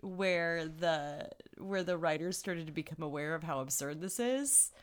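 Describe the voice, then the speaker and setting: A woman co-hosting a casual podcast in a slightly low voice. She is wry, laughs often, and reads summaries in a conversational way. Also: a little slow. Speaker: podcast co-host.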